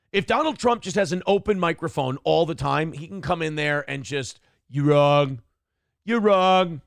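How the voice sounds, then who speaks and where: Blunt, gravelly-voiced male host. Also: on the high side, fairly bright tone, no echo, clean studio sound. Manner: blunt, profane, rambling opinion, reads chat aloud. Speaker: morning show host. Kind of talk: livestream commentary show.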